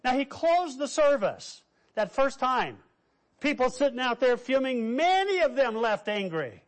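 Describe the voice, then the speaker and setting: A man preaching a sermon, telling stories with lively quoted voices and quiet asides. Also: extremely high pitch, a little slow. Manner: animated, quotes figures in raised voice, drops to quiet asides. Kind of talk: sermon storytelling.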